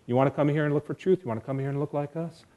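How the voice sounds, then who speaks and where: A man's voice: on the high side, very fast, warm tone, muffled recording, pitched above the performer's own voice, natural voice. A man voicing a blunt local in India who sardonically mocks wealthy Western seekers. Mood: sardonic. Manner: sardonic, dismissive.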